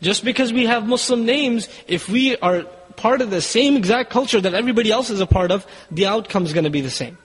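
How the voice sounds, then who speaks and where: Man preacher, high husky voice, urgent and exhorting, long hall reverb. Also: animated, fairly quick, few pauses. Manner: urgent, exhorting, asks rhetorical questions. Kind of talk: sermon.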